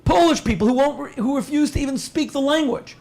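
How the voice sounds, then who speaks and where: A man's voice: extremely high pitch, fast talker, darkish tone. A man hosting a public discussion, giving a passionate, rhetorical introduction and sometimes repeating words. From United States. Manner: impassioned, rhetorical, stumbles over repeats. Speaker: host. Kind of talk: event introduction speech.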